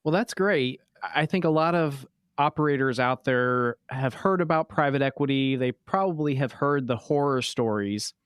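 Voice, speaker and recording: A man's voice: medium pitch, moderate pace, clear, resonant tone, no echo, studio quality. A man hosting a business podcast, introducing his guest and asking questions in a polished, composed way. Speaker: podcast host. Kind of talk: scripted intro, then interview questions.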